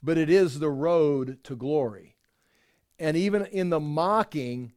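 A man's voice: on the high side, a little mellow, dry recording, studio quality. A man giving a conversational Bible teaching that wanders through restarts and rhetorical asides.

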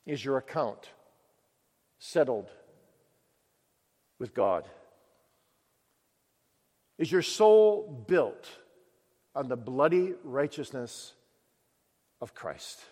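A male preacher giving a sermon with emphatic questions and dramatic pauses. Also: mid-range voice, very animated, mellow. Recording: long echo of a large hall.

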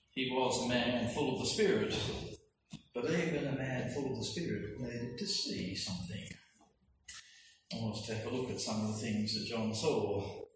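A man preaching a sermon, emphatic and full of rhetorical questions, with slow, stressed phrases. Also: mid-range voice. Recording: echoey hall from far off, faint noise.

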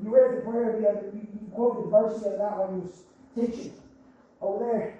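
A man preaching a sermon, swinging between shouted cries and hushed, low passages. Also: fairly even intonation, a little fast. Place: church sanctuary. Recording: echoey church sound from far off, dull.

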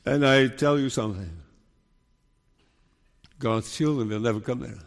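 A man preaching a sermon in a slow, earnest way, sometimes voicing the worries of troubled believers. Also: mid-range voice, creaky. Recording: long reverb of a hall.

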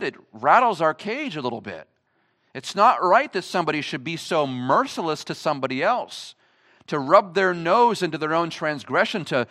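A male pastor with a high, lively voice preaches a sermon at a church service. He's emphatic and throws many rhetorical questions at the congregation.

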